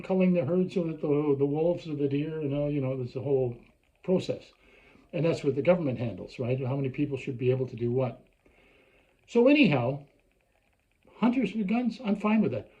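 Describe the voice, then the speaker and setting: A man's voice: fairly high pitch, animated, brisk, dark tone, dull audio. An older man from Canada delivering an angry, sarcastic ranting monologue, often mocking others in put-on voices. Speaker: vlogger.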